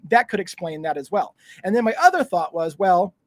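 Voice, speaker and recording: Fast, high-voiced excitable male co-host. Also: no room sound, studio quality. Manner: excitable, swears freely. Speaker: podcast co-host. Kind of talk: casual podcast chat.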